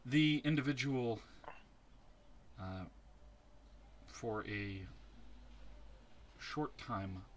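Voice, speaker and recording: A man narrating a tabletop game as its game master in a slow, measured way. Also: medium pitch, lively intonation, a little hiss or hum.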